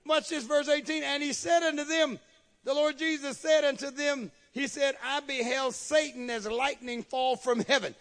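A man preaches with call-and-response fervor. His voice sits very high for a man, and he swings from quiet asides to shouted declarations. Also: fairly even intonation, normal speed. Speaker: pastor. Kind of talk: sermon.

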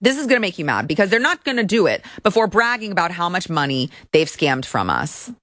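A woman's voice: fairly low pitch, big pitch swings, brisk, fairly bright tone, no echo, clean studio sound. A woman hosting an opinionated commentary show, talking in a sarcastic, mocking way.

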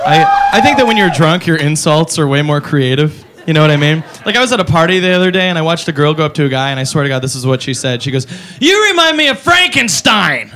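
A man's voice: fairly high pitch, fairly bright tone. A man doing a stand-up comedy set on a club stage, profane and mock-outraged. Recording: live club recording with crowd noise.

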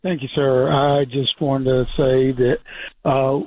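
Halting male caller on a phone line. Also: mid-range voice, level tone, no room sound.

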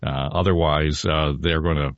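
A man hosting a casual political podcast in a chatty, relaxed way. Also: extremely low pitch, normal speed, no echo. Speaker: podcast host. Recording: dull, dry.

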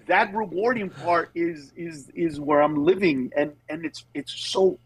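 Lively man with a husky voice. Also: fairly high pitch, a little slow, poor audio. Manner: animated storytelling, acts out voices, many restarts. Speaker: comedian guest. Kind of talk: phone-in radio interview. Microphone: phone or Bluetooth line.

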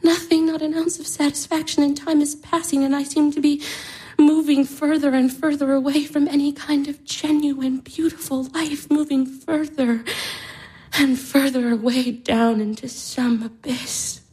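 A woman's voice: sits high, fairly even intonation, unhurried, mellow, low-quality recording. An actress in her twenties playing a despairing young woman, anguished, sighing and whispering. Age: 20s. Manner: anguished, breaking into sighs and whispers. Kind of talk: stage drama acting.

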